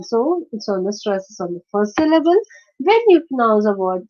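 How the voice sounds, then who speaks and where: A woman's voice: on the high side, sing-song, normal speed, dark tone. A woman teaching a lesson, explaining step by step and often checking with "right?" along the way. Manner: explains step by step with many fillers and checking questions. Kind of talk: online lesson on word stress. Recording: dull lo-fi recording.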